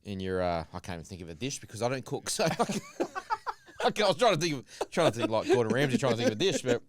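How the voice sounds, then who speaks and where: A man's voice: medium pitch, very animated, racing, no room sound. A man co-hosting a podcast, bantering bluntly and joking, with casual swearing. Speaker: podcast co-host.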